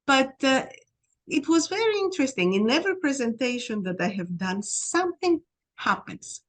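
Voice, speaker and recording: A middle-aged woman from Greece, a podcast guest telling stories in a lively way and acting out the dialogue. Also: high voice, normal speed. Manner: animated storyteller, reenacts dialogue. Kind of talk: storytelling interview.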